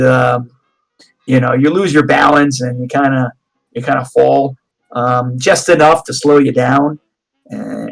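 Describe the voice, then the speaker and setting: Male game master, slightly high-pitched, loose rambling narration. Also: low-quality recording. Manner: rambling, many fillers and restarts.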